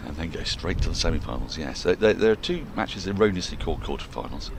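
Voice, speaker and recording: A man's voice: low-pitched, fast talker, gravelly. A man giving live cricket commentary outdoors at a ground, playful and jokey as he calls the play. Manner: playful, jokey, animated delivery. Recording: open-air ground noise under the voice.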